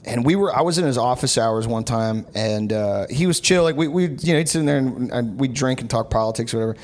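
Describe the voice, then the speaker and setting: A man's voice: medium pitch, lively intonation, quick pace, a little mellow. A young man hosting a podcast, telling rambling comic stories in casual chat with lots of fillers. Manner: rambling storyteller, many fillers and restarts. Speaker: podcast host.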